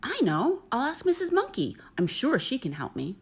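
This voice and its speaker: A woman's voice: high voice, fairly quick, pitched above the performer's own voice. A woman voicing a sad, worried mother kangaroo who pleads for help through tears, in a storybook reading. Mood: eager. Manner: pleading, weepy.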